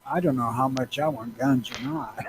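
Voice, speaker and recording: A man's voice: medium pitch, moderate pace, a crowd in the background, poor audio. Crude middle-aged man with a Southern accent. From Missouri. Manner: crude, profane, rambling storytelling. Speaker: podcast co-host. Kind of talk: casual chat.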